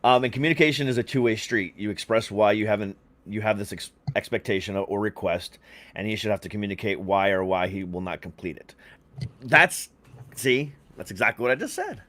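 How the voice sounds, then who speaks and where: A man's voice: fairly low pitch, fairly quick, fairly bright tone. A man co-hosting a podcast, talking candidly in casual conversation with frequent ums. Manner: candid, filler-heavy talk with frequent ums. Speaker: podcast co-host.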